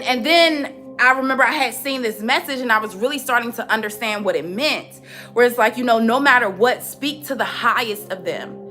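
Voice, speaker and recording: With a fairly high, sharp-toned voice, a young woman talks through a tarot reading in a casual monologue. She's frank and chatty, often circling back over the same points when she gets rolling.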